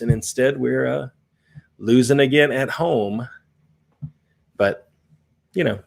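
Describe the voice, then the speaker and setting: A man's voice: medium pitch, creaky. A man co-hosting a podcast, chatting casually and laughing often, addressing viewers directly. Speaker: podcast co-host. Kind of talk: casual chat.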